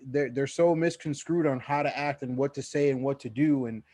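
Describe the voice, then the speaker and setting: Young male podcast co-host, mid-pitched, loose and rambling, swears freely, dry close mic. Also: moderate pace, warm tone, no echo. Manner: rambling, frequent restarts and swearing. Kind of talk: casual podcast chat.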